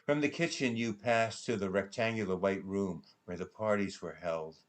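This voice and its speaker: A man reading a prose poem aloud in a slow, dramatic recitation, his voice hushed and trailing into near-whispers at the ends of lines. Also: lowish voice. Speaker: poetry reader at a benefit concert.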